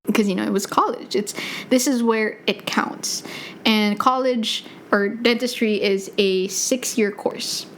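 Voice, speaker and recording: This twenty-something podcast host with a Filipino accent sounds a bit bright and on the high side, speaking steadily and a little slowly. Her USB desk mic catches some hiss or hum as she chats through personal stories, self-deprecating and quick to laugh.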